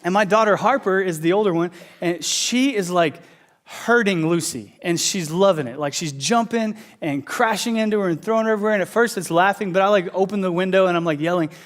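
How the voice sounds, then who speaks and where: A man in his thirties preaching a sermon as pastor, telling animated, conversational stories. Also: high voice, a little fast.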